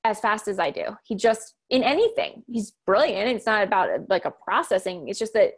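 A woman in her thirties who works as a communication coach speaks at a moderate pace in a medium-pitched voice. In this interview conversation she tells stories emphatically and animatedly, acting out the quotes she relays.

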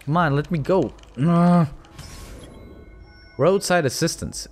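A man's voice: fairly high pitch, slow pace, pauses often, soft background music. A young man with a Russian accent giving profane, mocking let's-play commentary. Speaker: gaming channel host.

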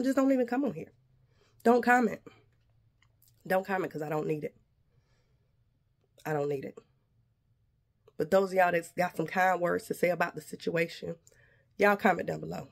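A woman's voice: lowish voice, vocal fry. A woman vlogger, indignantly venting to her viewers. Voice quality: slight lisp from retainers. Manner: indignant, addresses viewers directly. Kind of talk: venting to camera.

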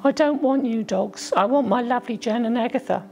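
A woman's voice: fairly high pitch, a little fast, vocal fry, slight background noise. A woman doing a spirited orphan girl. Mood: indignant. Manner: indignant, excitable.

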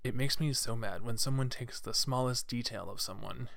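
A man's voice: mid-range voice, normal speed, gravelly, a bit bright, no room sound, studio quality. A young man hosting a solo podcast, ranting with many restarts and fillers. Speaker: podcast host.

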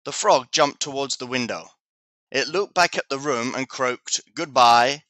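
Teacher reading a children's storybook aloud, slow, clear and bright. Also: male voice, mid-range voice, dry recording. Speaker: English teacher.

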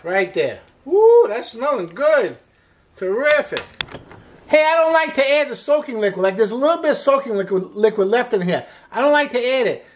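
A man's voice: extremely high pitch, big pitch swings, normal speed. A middle-aged man hosting a cooking show as a chef, chatty and upbeat, walking through a recipe step by step with frequent exclamations. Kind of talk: casual cooking demonstration.

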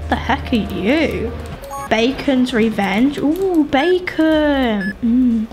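Girl yelling at a scary game, super high voice, swings all over, game music under it. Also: extremely slow. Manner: excitable, shrieks and pleads with game characters. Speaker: gaming YouTuber. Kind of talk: gaming commentary.

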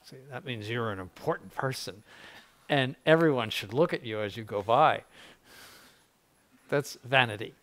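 A man's voice: mid-range voice, moderate pace, long pauses, a bit bright. An older man, a bishop, giving an informal spiritual conference in a blunt, conversational way with frequent asides.

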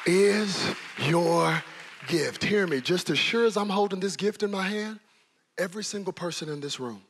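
A man as guest preacher, giving a fervent, animated sermon in church with storytelling and shouted peaks. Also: sits high. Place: church service.

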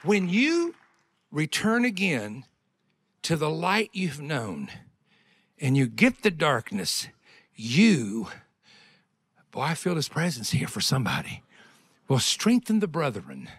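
A man preaches a revival sermon in a fairly high voice that climbs and plunges with feeling. He moves between loud, fervent passages and quiet, intimate ones. Casual asides break up the preaching. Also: wildly swooping pitch, takes it slowly, long pauses, breathy edge. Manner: conversational asides with laughter.

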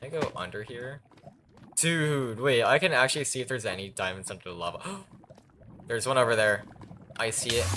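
A man's voice: mid-range voice, normal speed, bright, forceful tone, slight background noise. A young man commentating his own game, talking to himself and his viewers and yelping when startled. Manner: jumpy, talks to himself and viewers, yelps when scared. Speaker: gaming YouTuber. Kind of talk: Minecraft let's play commentary.

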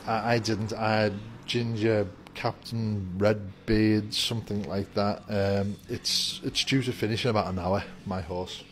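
With a fairly low, evenly intoned voice, the vape shop worker talks unhurriedly and barely pauses as he greets his audience. It's a casual, upbeat, rambling vlog filmed inside his open-doored shop, with faint music behind him.

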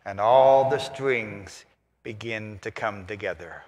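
A man giving a lively homily, acting out voices and asides, in a large church. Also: lowish voice, slow, a little hiss or hum. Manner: animated, acts out voices and asides. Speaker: priest. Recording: roomy church reverb.

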